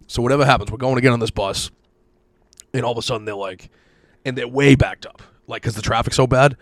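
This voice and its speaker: A fast-talking man tells stories in casual podcast chat, cursing freely and jumping into loud bursts when he quotes himself. The sound is dry and close. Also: medium pitch, fairly even intonation, no echo. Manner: rapid, swearing storyteller, loud bursts when quoting himself. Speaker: podcast host.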